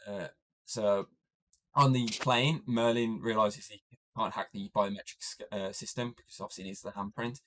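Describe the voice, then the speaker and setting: A man with a fairly low voice hosts a podcast and walks through a film plot in loose, casual chat. He rambles, leaning on fillers and restarting his sentences as he goes. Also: steady tone, moderate pace, fairly bright tone. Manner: rambling, heavy use of "obviously" and "like". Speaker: podcast host. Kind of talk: casual movie recap chat.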